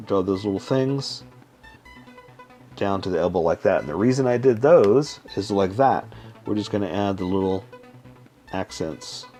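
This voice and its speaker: Low-voiced man talking through a drawing. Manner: relaxed, talks while drawing, frequent "okay?" check-ins. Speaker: drawing tutorial host. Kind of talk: casual step-by-step drawing instruction.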